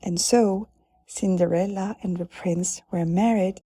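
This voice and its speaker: A woman reads a children's fairy tale aloud in an unhurried, deliberate voice. Her tone is mellow and a little breathy, and the recording is dry and close. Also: medium pitch, no echo. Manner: calm, deliberate storytelling. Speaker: narrator. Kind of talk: storybook reading for children.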